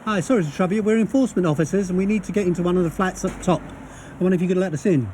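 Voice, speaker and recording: A man's voice: high-pitched, very fast, mellow, a little hiss or hum. A middle-aged man working as an enforcement officer, explaining an eviction politely but firmly and apologizing often. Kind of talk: on-the-job talk, explaining to tenants.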